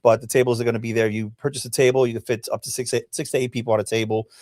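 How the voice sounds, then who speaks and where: A man's voice: mid-range voice, flat delivery, racing, a little mellow, no room sound, studio quality. A man as a guest on a podcast, upbeat and promoting an event in casual chat with many fillers.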